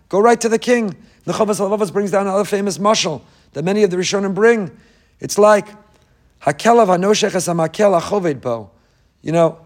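A man, a rabbi, teaching a Torah class full of parables, asking rhetorical questions and mixing in Hebrew quotes. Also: sits high.

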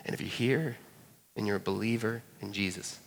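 A man's voice: fairly low pitch, moderate pace, creaky. A man, preaching a sermon and telling a funny story with jokey asides to the audience. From Georgia, USA. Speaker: pastor. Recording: long hall reverb.

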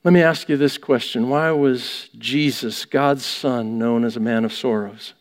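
A man's voice: mid-range voice, fairly even intonation, unhurried, big-room sound. A man preaching a sermon in a church, pressing his points with rhetorical questions. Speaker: pastor. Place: church sanctuary.

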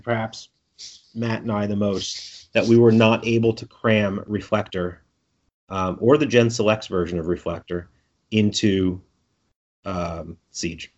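A man with a Brooklyn accent, interviewed about the game he designs, thoughtful and joking, often restarting his phrases. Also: medium pitch. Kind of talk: conversational interview. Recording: lo-fi audio.

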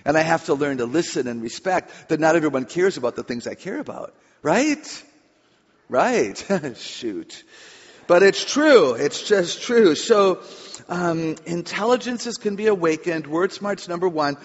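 A woman's voice: lowish voice, lively intonation, measured pace. A chatty woman speaker on stage, playful and drawing in her audience. Her voice rings through a big hall with long reverb and a dull, lo-fi sound. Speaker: author and speaker on children. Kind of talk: humorous talk to a live audience.

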